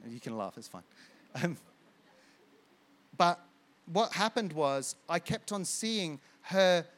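A man's voice: high-pitched, fairly bright tone. A man preaching a sermon as pastor, building with rhetorical questions and repetition.

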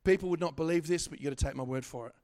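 Middle-aged male preacher, high-pitched, animated sermon delivery with stammered restarts. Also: rapid-fire. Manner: animated, swings from loud exhortation to quiet asides, stammering restarts.

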